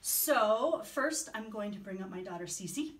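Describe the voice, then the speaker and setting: A woman's voice: mid-range voice, expressive, unhurried, slight background noise. A woman explaining training materials to volunteers in a friendly, chatty way, with many ums and asides. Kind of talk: instructional training video.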